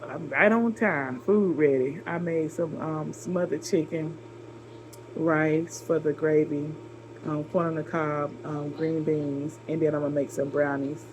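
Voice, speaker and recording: A woman from Georgia with a Southern accent, talking casually to camera in a response video, encouraging a viewer with drawn-out, repeated phrases. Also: deep voice, slight background noise, poor audio. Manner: warm, repetitive encouragement with drawn-out emphasis. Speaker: vlogger making a response video.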